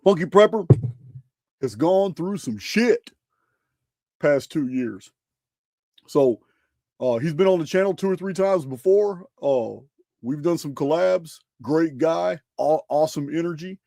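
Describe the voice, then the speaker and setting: A man hosting a casual livestream chat, talking excitedly and often stumbling and repeating his words. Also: a little high, unhurried, gravelly, pauses often, no room sound, clean studio sound. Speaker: livestream host.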